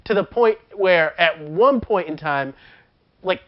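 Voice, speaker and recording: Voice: mid-range voice, animated, takes it slowly. Chatty movie reviewer, dull lo-fi sound. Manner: chatty, laughs often, many fillers. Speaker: film reviewer.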